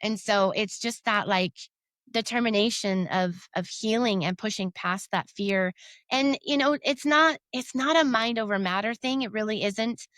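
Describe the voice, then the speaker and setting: A woman's voice: medium pitch, normal speed, fairly bright tone, no room sound. A woman guest on a faith podcast, talking earnestly and at length, full of "you know"s and quotes of her own thoughts. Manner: earnest, rambling with many fillers and self-quotes. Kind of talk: faith-based conversational interview.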